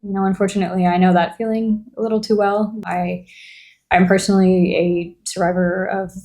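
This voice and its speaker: A woman hosting an interview, speaking gently and supportively in a measured way. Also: mid-range voice, level tone. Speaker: interview host. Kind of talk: empathetic interview conversation.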